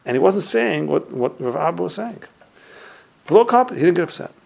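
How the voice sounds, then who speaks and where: A male Torah teacher retelling Talmud stories. He recites Hebrew and Aramaic phrases, translates them, and often drops his voice low at the end of a phrase. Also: sing-song, normal speed, gravelly. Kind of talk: recorded Torah class on humility.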